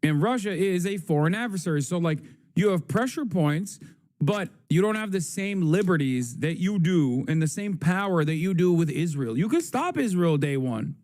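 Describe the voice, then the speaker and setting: A man's voice: high voice, very animated, moderate pace, a little mellow. A man streaming live, ranting about politics in a casual, profane, sarcastic way and mocking people in silly voices. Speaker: live streamer reacting to clips.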